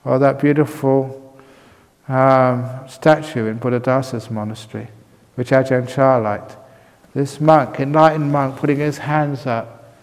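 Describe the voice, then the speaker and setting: At a meditation retreat, a man gives a dharma talk answering questions with humor and playfulness, laughing often. His mid-range voice is fairly even and a little slow. He is in a large retreat hall with long reverb.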